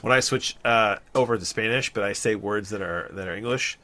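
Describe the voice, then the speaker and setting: Bright-voiced man in rambling chat. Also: fairly low pitch, a little fast. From New Jersey. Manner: rambling, self-interrupting, laughs often. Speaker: podcast co-host. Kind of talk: casual chat.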